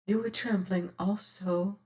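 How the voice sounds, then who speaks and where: A woman voicing a timid, hushed young lady. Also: mid-range voice, fairly even intonation, unhurried, distant mic, lightly acted. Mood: frightened. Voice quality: soft and hushed. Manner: timid, pleading. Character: frightened, gentle young noblewoman.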